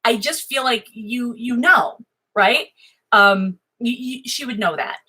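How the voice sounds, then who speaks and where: An American woman chatting at home in a rambling, self-interrupting way, admittedly high, swearing freely. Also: slow, pushed and bright, breathy edge, rough recording. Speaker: vlogger. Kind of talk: rambling casual livestream chat. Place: home office.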